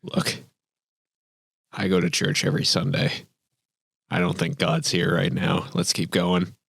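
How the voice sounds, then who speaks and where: A man's voice: low voice, monotone, unhurried, vocal fry, a bit bright, slightly rough, dry recording. A man playing a character in a tabletop game, dry and exasperated. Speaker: player. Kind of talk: tabletop role-play in character.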